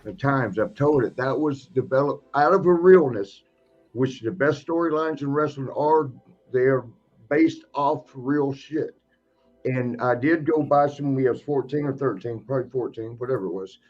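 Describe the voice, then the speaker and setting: A man's voice: medium pitch, normal speed, muffled recording, soft background music. A man telling wrestling stories in casual podcast chat, laughing often and acting out the people in them. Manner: laughing, animated storyteller acting out other people. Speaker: podcast guest, retired wrestler.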